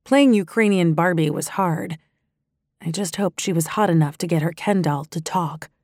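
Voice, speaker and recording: A woman narrates a first-person audiobook with a warm, mellow tone that sits a little low. Her reading is measured and even, and the recording is dry and close. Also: dry recording.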